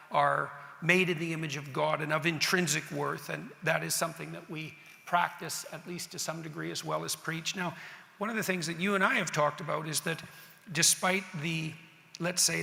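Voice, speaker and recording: A man moderating a panel, halting and restarting as he frames long questions. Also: on the high side, creaky, sharp tone. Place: large hall with audience. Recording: reverberant hall with audience.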